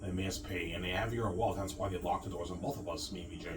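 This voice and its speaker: A man rants quickly in a low voice, circling back to the same complaints. He sounds far from the mic, with steady noise underneath. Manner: ranting, repetitive, fast. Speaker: vlogger. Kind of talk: rambling monologue.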